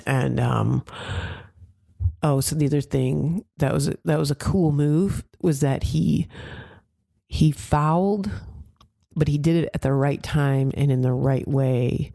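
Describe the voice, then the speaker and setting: A woman's voice: rumbling low, gravelly, dark tone, no room sound, clean studio sound. A middle-aged woman hosting a podcast, talking in a casual, meandering monologue that often corrects itself mid-sentence. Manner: chatty, meandering, self-correcting. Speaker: podcast host.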